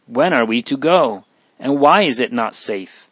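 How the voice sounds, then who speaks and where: A man's voice: medium pitch, lively intonation, a little slow, a bit bright, no room sound. A man reading a wistful, anxious young girl.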